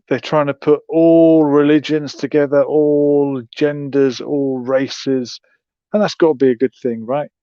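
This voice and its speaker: A man's voice: mid-range voice, mellow, dry recording, lo-fi sound. A man hosting a livestream, musing with wry, sarcastic commentary. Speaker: host.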